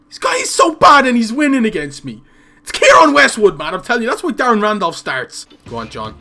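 Young man, high lively voice, bright tone, gameplay commentary, faint music behind. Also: a little fast. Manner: excitable, shouts and laughs at goals. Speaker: gaming YouTuber.

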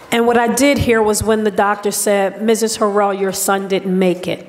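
A middle-aged woman giving a personal testimony speech at a banquet, telling her story slowly and deliberately with dramatic pauses into a podium microphone. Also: medium pitch, little pitch movement. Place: large hotel banquet hall. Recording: long hall reverb.

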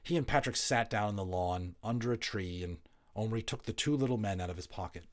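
Male audiobook reader, low voice, relaxed with casual asides. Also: a little fast. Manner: relaxed, chatty asides, small slips. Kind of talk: reading a novel aloud with casual asides.

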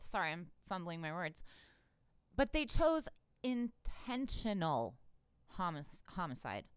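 A woman's voice: fairly high pitch, sing-song, measured pace, a bit bright, clean tone, no room sound, clean studio sound. A woman hosting her own political commentary channel, ranting in an irritated, sarcastic way with plenty of profanity and exasperated laughs.

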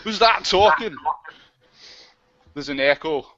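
A man hosting a live web show in an excitable, flustered, joking way, talking over a webcam on a video call. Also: on the high side, takes it slowly, highs cut off, background noise.

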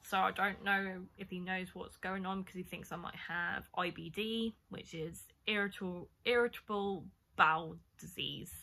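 A woman's voice: on the low side, steady tone, normal speed, creaky, few pauses, pushed and bright. A young woman, casually telling a story-time vlog, chatty and rambling with lots of fillers. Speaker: vlogger.

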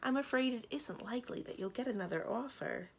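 A woman's voice: fairly high pitch, expressive, a little fast, vocal fry, slightly rough, voice pushed up, heavily acted. A woman voicing a placid, prim middle-aged queen mother.

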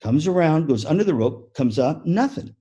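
A man giving a motivational keynote talk on music teaching, an animated storyteller who acts out the story. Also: a little high, moderate pace, slightly rough. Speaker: music education speaker.

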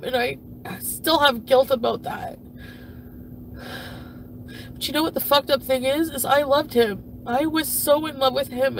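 A woman's voice: fairly high pitch, a little hiss or hum, natural voice. A woman doing a foul-mouthed, jilted streamer. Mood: bitter. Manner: profane, swings between yelling and mumbling. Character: jilted, furious woman streamer, crude and self-pitying. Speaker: puppet comedy performer. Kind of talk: comedic impression of a livestream rant.

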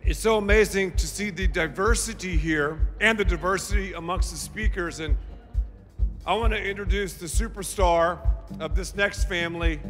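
A man hosting a church conference on stage, introducing a guest with loud, teasing enthusiasm. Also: high voice, moderate pace. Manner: enthusiastic, teasing, shouting to the crowd. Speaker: pastor and conference host. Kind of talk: stage introduction and onstage interview. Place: large conference hall. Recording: live in a large hall with music.

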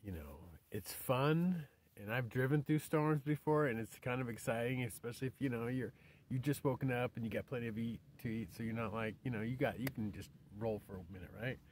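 A man's voice: medium pitch, fairly quick, darkish tone, slight background noise. A man rambling casually to his vlog camera outdoors in the desert, often drifting into a whisper. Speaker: vlogger.

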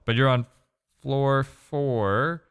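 A let's play gamer speaks in a smooth, mid-range voice at a very slow pace. He chats casually over his gameplay, animated, talking to himself and letting out exclamations.

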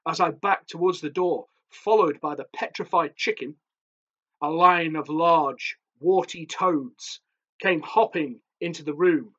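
A man, an author, reading his own horror story aloud in a measured, darkly theatrical way. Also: fairly high pitch, a bit bright, dull audio.

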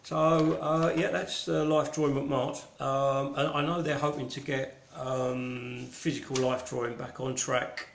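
A man's voice: medium pitch, level tone, unhurried, gravelly, few pauses, roomy sound, slight background noise. A man with a Cockney accent hosting an online gallery show in casual, rambling, irreverent chat full of ums. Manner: rambling and irreverent, with many ums and mild swearing. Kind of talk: casual live-stream chat.

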